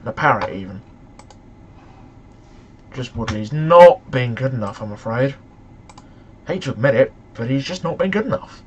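A young man commentating on a football management game, excitable and shouting at the match in frustration. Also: mid-range voice, moderate pace, pauses often, lo-fi sound, crowd noise. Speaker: gaming YouTuber.

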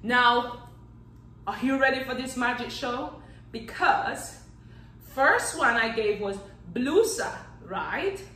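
Playful woman teacher for children, high and slow-paced, echoey room. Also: distant mic. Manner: animated and playful, claps out syllables, counts down magic tricks. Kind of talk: children's language lesson.

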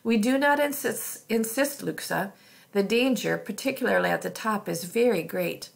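A woman's voice: mid-range voice, moderate pace, creaky. A woman reading as a worried, whispering nobleman. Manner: whispering, unhappy. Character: worried, gentle male noble.

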